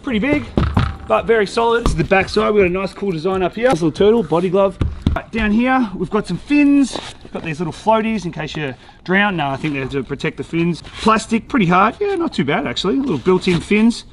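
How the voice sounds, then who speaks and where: Upbeat high-voiced guy. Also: lively intonation, a little fast, slight background noise. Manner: upbeat, chatty, thinks aloud while unpacking. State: out of breath after pumping. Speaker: vlogger reviewing gear. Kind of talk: casual product review vlog. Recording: music playing underneath.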